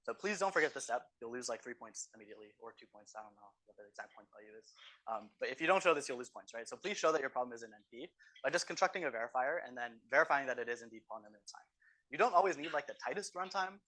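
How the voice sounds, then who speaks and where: A man's voice: mid-range voice, animated, fast talker, pushed and bright. A man teaching an exam review lecture in a university classroom, explaining step by step and often checking in with "right?". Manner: explanatory, tags statements with "right?". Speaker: course teaching assistant.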